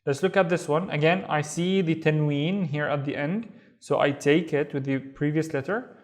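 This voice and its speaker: Man, Saudi accent, fairly high voice, patient language teacher, slow repeats. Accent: Saudi Arabic. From Saudi Arabia. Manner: patient, repeats words slowly for practice. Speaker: Arabic teacher. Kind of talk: step-by-step language lesson.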